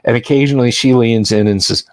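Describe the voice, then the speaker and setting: A man running a tabletop horror game, narrating slowly and deliberately with fillers. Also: mid-range voice, dry recording. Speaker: game master.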